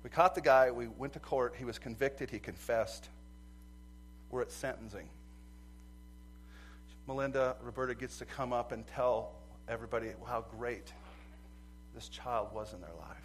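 A man preaching a sermon as pastor, swinging from quiet asides to loud emphatic passages and acting out a courtroom story. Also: medium pitch, a little slow, pauses often, slight background noise. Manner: acts out courtroom scenes in quoted voices.

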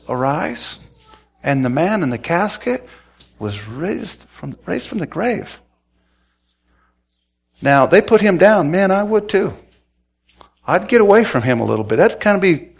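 Male pastor mid-sermon, animated folksy storyteller, hushed to shouting. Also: a little high. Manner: folksy, conversational asides.

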